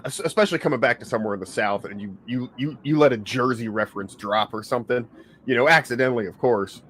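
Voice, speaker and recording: A man hosts a relaxed podcast in an everyday mid-pitched voice, swearing freely and rambling loosely through a story. A faint hiss sits under his voice. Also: quick pace. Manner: laid-back, swears freely, many fillers. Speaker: podcast host. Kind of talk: casual livestream podcast chat.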